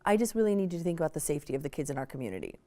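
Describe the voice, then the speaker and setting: A woman playing a calm, earnest male cop. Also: low voice, rapid-fire, pitched below the performer's own voice. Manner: earnest, patient lecturing. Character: calm male police officer giving a gentle warning.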